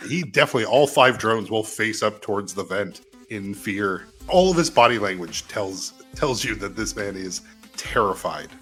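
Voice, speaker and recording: A man's voice: fairly low pitch, animated, moderate pace, fairly bright tone, soft background music. A man narrating as game master of a tabletop game, playful and laughing often as he describes the scene.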